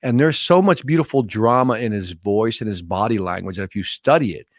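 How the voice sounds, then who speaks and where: A middle-aged man, a motivational speaker guesting on a podcast, talking in an earnest, energetic storytelling manner. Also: on the low side, brisk, no echo, clean studio sound. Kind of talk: casual podcast interview.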